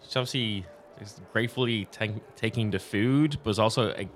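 A man's voice: lowish voice, a little fast, a little hiss or hum. A man narrating as game master of a tabletop game, casual and rambling with many fillers.

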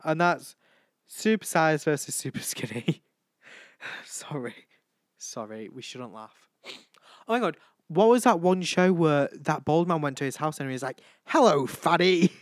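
A man's voice: on the high side, animated, a little slow, long pauses, dry recording, clean studio sound. Giggly guy chatting solo. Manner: chatty, giggly, keeps saying sorry. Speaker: podcast host. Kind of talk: casual solo chat. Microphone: home microphone.

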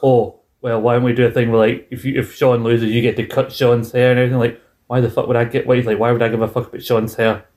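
A man's voice: mid-range voice, flat delivery, quick pace, darkish tone. A man co-hosting a casual wrestling podcast, rambling through stories, swearing and laughing often while drinking. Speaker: podcast co-host.

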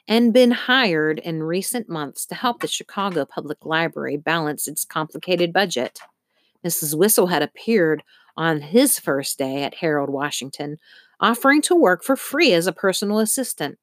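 Woman narrator, low voice, dry close sound, steady reading. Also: no room sound. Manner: steady storytelling, occasional slips. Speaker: audiobook narrator. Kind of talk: scripted narration.

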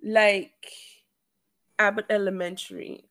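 A woman's voice: medium pitch, flat delivery, takes it slowly, fairly bright tone. A young woman co-hosting a podcast, chatting in a playful, teasing way and repeating phrases for effect. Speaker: podcast co-host. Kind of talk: casual chat.

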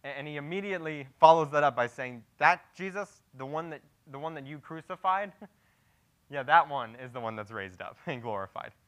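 A man's voice: on the high side, expressive, moderate pace, a bit bright. A young man preaching a sermon, teaching through a Bible passage in a casual, conversational way that builds to emphatic declarations.

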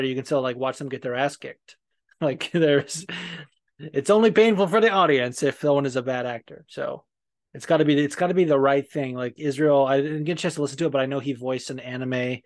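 A man hosting a podcast in casual chat, rambling and profane, with lots of fillers and restarts. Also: mid-range voice. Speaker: podcast host.

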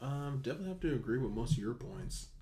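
A woman co-host with a remarkably deep, low-pitched voice, trading wry quips in a casual TV recap. A faint noise sits under the recording. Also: animated, fast talker. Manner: wry, quippy asides. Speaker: podcast co-host. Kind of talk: casual episode recap chat.

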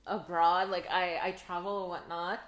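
A young woman from Montreal whose first language is French, co-hosting a podcast in relaxed, chatty casual conversation. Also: fairly low pitch, normal speed. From Montreal, Canada. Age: young adult. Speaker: podcast co-host. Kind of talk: casual chat. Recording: roomy echo.

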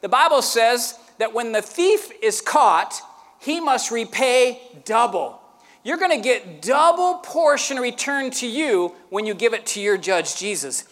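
A man preaching a sermon as pastor, earnest and shifting between quiet, tender stretches and emphatic, rising ones. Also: extremely high pitch, very animated, measured pace, big-room sound.

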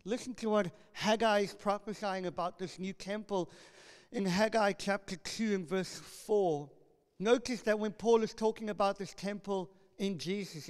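Brief: male pastor, high voice, passionate sermon, reverberant church hall. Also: clean tone. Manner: impassioned preaching, rising to loud proclamations when reading scripture.

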